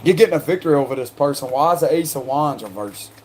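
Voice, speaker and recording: A man with a South Carolina accent works through a tarot spread in loose, slangy talk. His voice sits fairly high for a man, and he breaks into laughter between cards. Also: animated, fast talker, darkish tone, slight background noise. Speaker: tarot reader. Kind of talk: casual spoken tarot reading.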